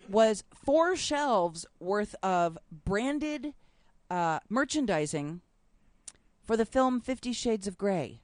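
A woman tells odd news stories on a casual talk show, chatty and quick to laugh. She stresses her punchlines. The recording is dry and close. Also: fairly high pitch, no echo. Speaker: podcast co-host reading news stories. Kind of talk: casual chat.

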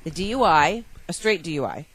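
A woman's voice: on the low side, animated, brisk, a bit bright, breathy edge, poor audio. A woman co-hosting a casual talk show, reading news stories in a wry, matter-of-fact way. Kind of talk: casual podcast chat.

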